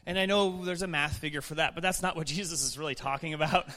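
A man preaching a sermon in a relaxed, conversational way, chuckling and restarting his sentences as he reads and explains scripture in church. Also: a little high, fast talker, long reverb tail.

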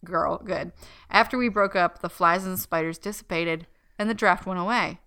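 Woman co-host, relaxed and giggly, smooth bright tone, loose filler-heavy delivery. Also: fairly low pitch, normal speed. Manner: laid-back, giggly, lots of likes and fillers. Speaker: podcast co-host. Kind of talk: casual chat, reading a listener story.

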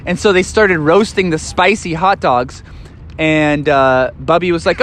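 A man spins an improvised bedtime story in a playful, meandering way, leaning on fillers. His voice sits high for a man. A faint hiss lies under the recording. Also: fairly even intonation, measured pace, a bit bright. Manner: rambling, playful, full of fillers.

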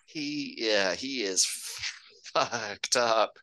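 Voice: medium pitch, drawn-out words, bright, forceful tone. A podcast co-host chatting casually about a movie, tossing in wry remarks and the odd swear.

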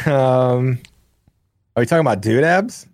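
A man's voice: mid-range voice, lively intonation, unhurried, no echo. Profane, rambling storyteller man, dry mic. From grew up in the countryside. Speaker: podcast co-host. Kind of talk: casual storytelling chat.

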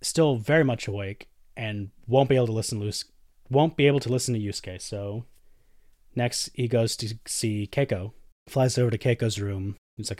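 A man's voice: medium pitch, moderate pace, darkish tone, no echo, clean studio sound. A man hosting a podcast, casually recapping episodes and swearing often, jumping into characters' lines. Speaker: podcast host.

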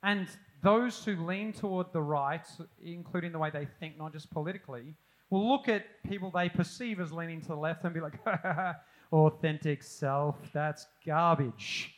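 A middle-aged man preaching a sermon, animated and self-deprecating with humorous asides. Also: on the high side, fairly quick, rough recording. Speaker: pastor.

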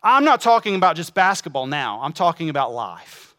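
A man, a pastor, preaching a sermon with many rhetorical questions, swinging from loud emphasis to hushed asides. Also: a little high, sing-song, fairly quick.

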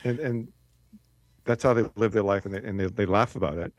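A man's voice: fairly low pitch, a little fast, no echo. A man, a regular on the show, telling rambling stories and chuckling in casual chat. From United States.

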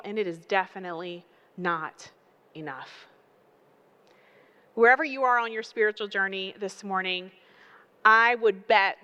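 A woman preaching a sermon, building emphatic repeated phrases and telling animated stories. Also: mid-range voice, clear, resonant tone, muffled recording. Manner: animated storytelling with acted voices.

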